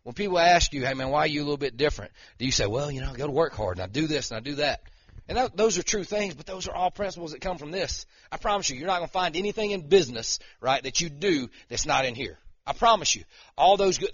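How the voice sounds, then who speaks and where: A man's voice: mid-range voice, a bit bright, breathy edge, no room sound, muffled recording. A middle-aged man, preaching a casual, conversational sermon with frequent "okay?" and "right?" checks to his listeners. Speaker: lay preacher and wrestling coach.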